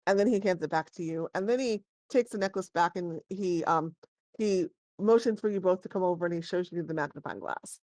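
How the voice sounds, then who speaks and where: A woman's voice: on the low side, a little fast, a little mellow, no room sound. A woman narrating as game master in a tabletop game, chatty and digressive, often correcting herself.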